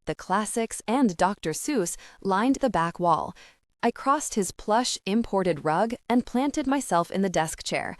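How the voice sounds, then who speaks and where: A woman narrating a first-person audiobook in an expressive, measured way. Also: medium pitch, no room sound, clean studio sound.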